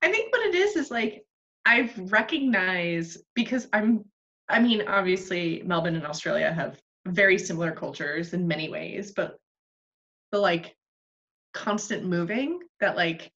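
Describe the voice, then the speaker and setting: A woman chatting casually as a guest on a podcast, self-deprecating and quick to laugh. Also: on the low side, animated, fairly bright tone. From United States. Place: Australia. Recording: slightly dull lo-fi sound.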